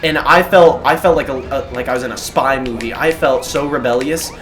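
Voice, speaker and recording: A man casually telling a personal story in an animated, self-deprecating way, swearing freely. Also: medium pitch, fairly quick, slight background noise.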